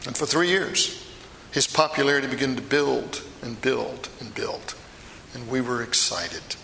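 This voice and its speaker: Passionate middle-aged fisherman apostle Peter, played by a man in a sermon, bright edge, long hall reverb. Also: medium pitch, unhurried, gravelly, a little hiss or hum. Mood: earnest. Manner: storytelling, emphatic, confiding asides. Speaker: preacher performing a first-person monologue. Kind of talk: dramatic monologue sermon.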